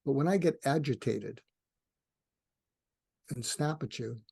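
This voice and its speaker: An older man, a retired psychiatrist, talking as a podcast guest, explaining in an animated way with frequent restarts. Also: medium pitch, takes it slowly, gravelly, slightly rough, dry recording, studio quality. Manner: animated, acts out dialogue in varied voices, frequent restarts. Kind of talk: conversational interview explanation.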